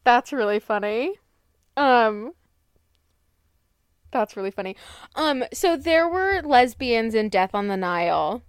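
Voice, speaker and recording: Animated young woman, high lively voice. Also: takes it slowly, pauses often, clean tone, no echo, clean studio sound. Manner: rambling, animated, full of "like" and laughter. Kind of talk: casual podcast chat.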